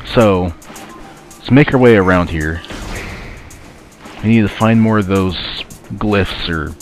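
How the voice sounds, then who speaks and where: With faint music behind him, this let's play commentator speaks slowly in a low-pitched, sinus-congested voice. He comments casually on the video game he's playing, rambling and grumbling at it under his breath.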